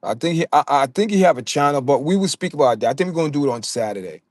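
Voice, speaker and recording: Very fast and lively, a man with a slightly high voice and a Jamaican accent runs a casual livestream, addressing his chat directly while often stammering and repeating words. The sound is dry and clean, studio-grade.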